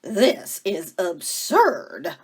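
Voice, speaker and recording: A woman voicing a stern, disapproving older sister in a storybook, scolding and emphatic, with a breathy voice. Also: lowish voice, wildly swooping pitch, drawn-out words, heavily acted.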